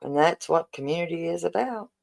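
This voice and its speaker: On a rough recording, a woman in her 40s chats casually and emotionally while hosting a livestream fundraiser, repeatedly thanking viewers. She speaks briskly and animatedly in a fairly low, gravelly, slightly mellow voice.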